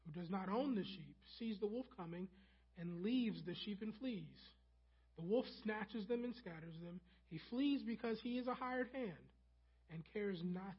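A preacher delivering a sermon, emphatic and repetitive for stress, softening when quoting scripture. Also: mid-range voice, slightly rough, dull audio. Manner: emphatic, repeats key phrases for stress.

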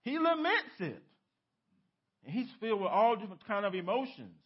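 A man preaching a sermon as pastor, dropping to hushed lows and rising to emphatic peaks, with many rhetorical questions to the congregation. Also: sing-song, normal speed, husky, dull audio. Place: church sanctuary.

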